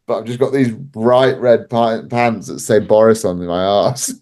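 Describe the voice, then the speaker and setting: Chatty man, slightly low voice. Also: expressive, slow, a little mellow. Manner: chatty, laughs often, peppers speech with "like". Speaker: wrestling promoter guest. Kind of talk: casual podcast storytelling.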